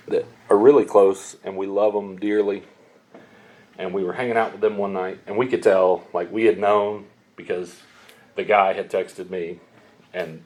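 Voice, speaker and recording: A middle-aged man preaching a sermon, telling stories bluntly with sharp, emphatic peaks. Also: fairly low pitch. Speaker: pastor.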